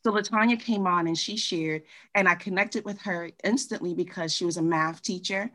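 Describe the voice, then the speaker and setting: A woman from Trinidad, chatting quickly and animatedly about her experiences. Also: on the low side. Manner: fast, animated storytelling with laughs. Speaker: co-host. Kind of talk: casual chat.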